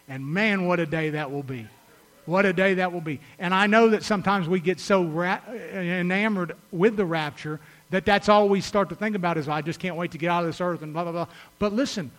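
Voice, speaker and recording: High-voiced preacher swinging loud to hushed. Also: male voice. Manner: reads scripture aloud and retells stories with voices. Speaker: pastor. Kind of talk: sermon.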